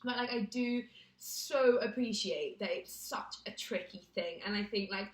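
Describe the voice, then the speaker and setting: A woman's voice: medium pitch, unhurried. A woman in her twenties from Britain, vlogging to camera in a casual, self-deprecating, chatty way with lots of fillers. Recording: echoey room.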